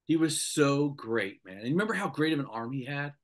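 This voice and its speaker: A man's voice: a little high, fairly quick. A middle-aged man, a former sports anchor, telling stories as a guest in a casual interview and acting out the people he quotes. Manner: animated anecdote-telling, acts out the people he quotes. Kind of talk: casual storytelling in a podcast interview.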